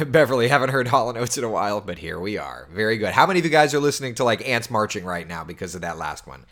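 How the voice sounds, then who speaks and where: A man's voice: lowish voice, fast, few pauses. A man in his thirties hosting a casual morning chat, reading viewer comments and talking about his week, who laughs easily and sometimes drops to a near-whisper. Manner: chatty and animated, laughs often, drops to a hushed near-whisper at times. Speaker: host.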